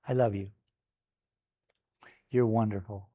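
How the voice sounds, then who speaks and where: A man talks casually on a live stream as he paints in a gallery studio. His delivery is slow and unhurried, loose and playful, and he breaks off now and then to tease his puppy. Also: mid-range voice, a little mellow, a little hiss or hum.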